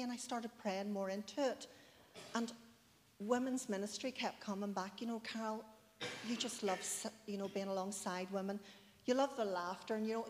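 Woman in her forties, church testimony, heartfelt and chatty, mid-pitched voice, long hall echo. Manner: heartfelt, chatty, many asides. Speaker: church member giving testimony.

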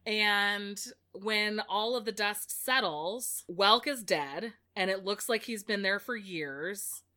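A woman's voice: medium pitch, takes it slowly, pushed and bright. A woman in casual conversation, recapping a book in a chatty way, full of "like" and restarts. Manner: chatty, heavy use of "like", many restarts. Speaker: podcast co-host recapping a book. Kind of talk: casual chat.

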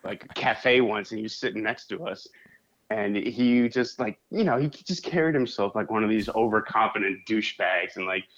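A man's voice: lowish voice, moderate pace, fairly bright tone. A man co-hosting a podcast in casual chat, talking loosely, laughing and swearing as he goes. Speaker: podcast co-host. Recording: muffled lo-fi sound.

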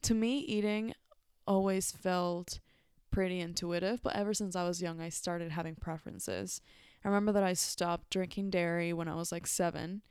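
A young woman hosts her podcast in a relaxed, rambling monologue full of fillers and restarts. Her voice sits a little low and sounds smooth and clear. It is recorded close and dry, with no room sound. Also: normal speed, dry recording. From Mexico. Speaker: podcast host. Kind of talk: casual reflective monologue.

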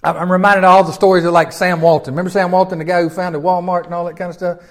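An older Southern man delivers a sermon with a notably high voice for a man. He preaches in a folksy, homespun way and keeps turning to the congregation with questions. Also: little pitch movement, very fast. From Memphis, Tennessee. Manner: folksy, conversational, peppered with rhetorical questions to the congregation. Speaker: pastor.

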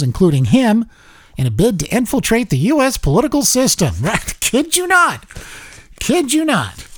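Male talk host, higher voice, dry close sound, animated political commentary. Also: dry recording. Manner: animated, repeats words and restarts.

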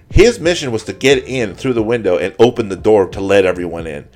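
Brief: young adult male podcast co-host, low voice, casual profane storyteller, faint music underneath. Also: lively intonation, quick pace, darkish tone. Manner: profane, rambling anecdote with acted-out quotes.

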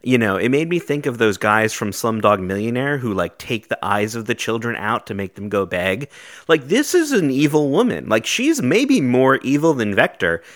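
A man's voice: mid-range voice, sing-song, normal speed. A man co-hosting a casual podcast, wry and joking as he delivers hot takes. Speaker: podcast co-host.

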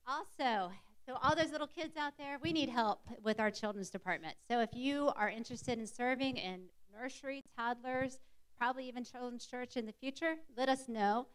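A woman's voice: on the high side, normal speed, clean tone. A woman giving casual, unscripted announcements into a stage microphone in a church, laughing easily. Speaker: church announcer, pastor's wife. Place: church sanctuary.

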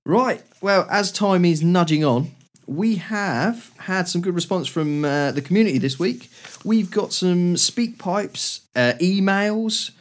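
A man hosting a comedy podcast, chatty and quick to laugh. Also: sits high. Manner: laughs a lot, chatty, loose. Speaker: podcast host. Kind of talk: casual comedy chat.

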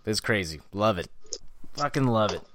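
A man co-hosting a casual hockey podcast, relaxed and profane, with lots of "like" and "dude". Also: lowish voice, normal speed. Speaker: podcast co-host. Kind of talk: casual sports chat.

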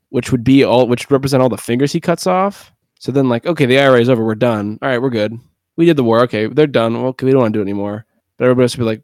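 A man co-hosting a podcast, chatting casually about a film and retelling its scenes through quick quoted snippets full of "like". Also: medium pitch, darkish tone, dry recording, studio quality. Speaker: podcast co-host. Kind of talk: casual movie discussion.

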